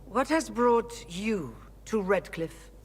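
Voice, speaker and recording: A woman voicing a weary, guarded mage leader in a video game, speaking in a measured, formal way. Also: mid-range voice, expressive, breathy edge. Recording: game audio with long reverb.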